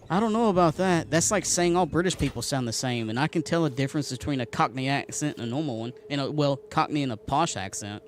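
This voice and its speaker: A man's voice: a little high, expressive, quick pace, few pauses. A man with a Southern US accent chatting casually and jokingly while streaming a game live. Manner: chatty, joking, talks to his cat and chat.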